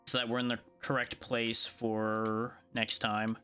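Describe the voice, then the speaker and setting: A male streamer, yawning and worn out after hours of play, chats casually through his choices. His voice has a bright, forward edge. Faint music plays behind him. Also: fairly low pitch, monotone, unhurried, clear, resonant tone. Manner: laid-back, sleepy, thinking aloud. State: tired, yawning. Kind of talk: casual gameplay commentary.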